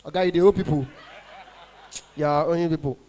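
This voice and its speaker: A man's voice: fairly high pitch, fairly even intonation, a little fast, a little mellow. A Nigerian man performing stand-up comedy as an event MC, bantering with the crowd and mixing in pidgin. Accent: Nigerian English. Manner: banters with the audience, mixes in pidgin.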